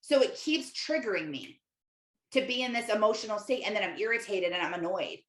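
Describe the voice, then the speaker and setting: A young woman talks through her week in a loose, candid monologue, dropping "like" again and again as she coaches her listeners. Her voice sits at an ordinary middle pitch. The room around her rings with a noticeable echo. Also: lively intonation, a little fast. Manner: candid, chatty, full of "like" fillers. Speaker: Christian life coach and podcast host. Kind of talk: casual podcast monologue. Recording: echoey room.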